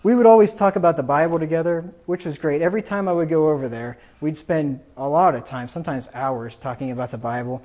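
The storyteller speaks fast with few pauses, his mellow voice on the high side, chuckling as he casually spins rambling family anecdotes. Sound quality is dull and lo-fi.

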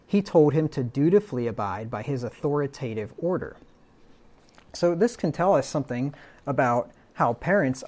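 A man preaching a verse-by-verse sermon, working through word definitions in a deliberate way and often asking "right?". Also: mid-range voice, a little mellow. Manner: deliberate, lists synonyms, asks "right?".

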